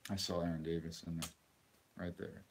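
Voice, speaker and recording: A man's voice: low-pitched, flat delivery, normal speed, breathy edge. A middle-aged man co-hosting a live stream, talking casually and rambling, often trailing off mid-sentence. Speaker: co-host of a live card-collecting stream.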